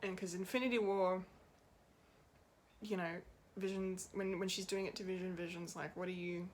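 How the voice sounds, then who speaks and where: A woman's voice: medium pitch, fairly even intonation, normal speed, a little hiss or hum. Rambling, emotional woman reviewing a show. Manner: rambling, emotional, laughs often, swears. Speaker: pop culture reviewer. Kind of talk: unscripted TV episode review.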